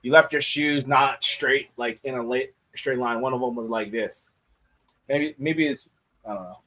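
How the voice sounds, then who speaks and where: A man's voice: medium pitch, moderate pace, a bit bright. A man in casual podcast chat, speaking candidly with frequent swearing and restarts. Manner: candid, profane, many restarts.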